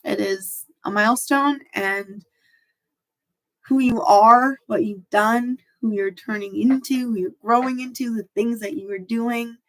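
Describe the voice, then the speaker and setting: A woman's voice: fairly high pitch, unhurried, low-quality recording. Emotional woman hosting a live chat. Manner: heartfelt, emotional, reads viewer comments aloud. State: close to tears. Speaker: host of a live Q&A stream. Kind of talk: warm live-stream chat reading comments.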